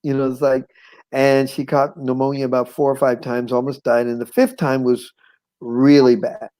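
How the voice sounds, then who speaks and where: A middle-aged man, a show guest, telling a personal life story in an animated, conversational way, acting out voices and chuckling often. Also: medium pitch, normal speed, rough recording. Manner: conversational with frequent "you know what I'm saying".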